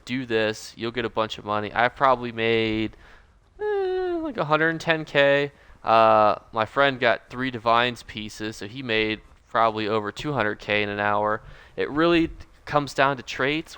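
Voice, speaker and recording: A man's voice: on the low side, pushed and bright, clean tone, no room sound. A man hosting his own gaming channel, talking through a game money guide in a chatty, upbeat, rambling way. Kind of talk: casual game guide commentary.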